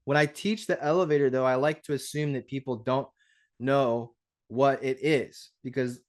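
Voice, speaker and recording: A man coaching an audience on a livestream. He talks in an animated, conversational way, restarting sentences and tagging on "right?". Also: medium pitch, normal speed. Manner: animated, conversational, acts out dialogues; frequent restarts and rhetorical "right?". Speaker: real estate investing coach. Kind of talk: livestream teaching talk.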